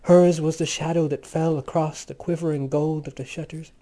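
A man narrates literary fiction in a measured, lyrical way. His voice sits a little high but stays mellow and warm. He reads steadily, as an audiobook narrator would. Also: fairly even intonation. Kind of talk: literary narration read aloud.

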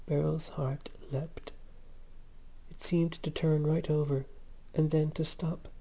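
A man reads a story aloud in a measured, gentle way. His voice is dark and mellow, and he takes his time over every line. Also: on the high side, flat delivery, vocal fry. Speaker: narrator. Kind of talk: scripted audiobook narration.

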